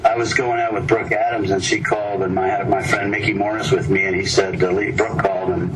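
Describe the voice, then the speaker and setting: A man's voice: lowish voice, little pitch movement, a little fast, over a noisy crowd. A man telling meandering anecdotes, breaking off mid-sentence and chuckling at his own stories. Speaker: storyteller. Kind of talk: rambling anecdotal storytelling. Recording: distant mic with clear background noise.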